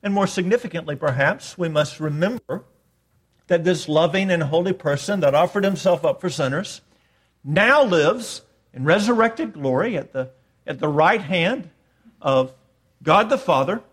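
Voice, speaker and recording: A man preaching a sermon, emphatic, swinging between raised declarations and quiet asides. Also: fairly high pitch, lively intonation, normal speed, husky. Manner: emphatic preaching, rising and dropping in volume. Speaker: pastor.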